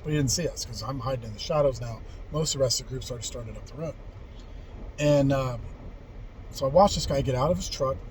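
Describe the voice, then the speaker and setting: A man's voice: medium pitch, slight background noise, rough recording. A man in his forties casually telling a story from his youth, rambling and candid, with frequent swearing and restarts. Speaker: vlogger telling life stories.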